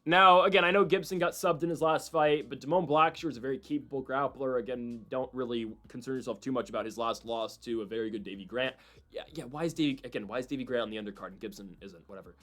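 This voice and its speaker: A man's voice: medium pitch, fast talker, fairly bright tone. A man hosting casual MMA fight predictions, rambling and correcting himself with incredulous asides. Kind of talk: casual sports commentary.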